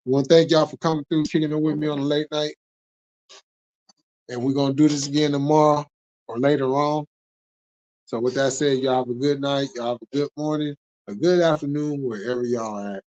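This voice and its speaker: A man's voice: a little high, fairly even intonation, a little fast, darkish tone, highs cut off. A man hosting a casual late-night sports talk stream, ranting heatedly with lots of profanity and laughter. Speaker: host.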